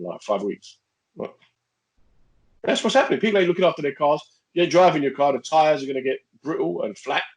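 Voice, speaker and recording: A man's voice: mid-range voice, poor audio. A man co-hosting a podcast, chatting casually in an indignant, joking way. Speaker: podcast co-host. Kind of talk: casual chat.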